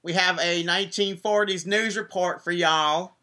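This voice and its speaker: A man's voice: high voice, steady tone, moderate pace, sharp tone, voice pushed up. A man doing a drawling 1940s newsman. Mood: mock newsreader. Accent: American Southern drawl, put on. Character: drawling male 1940s newsman, loud and boastful.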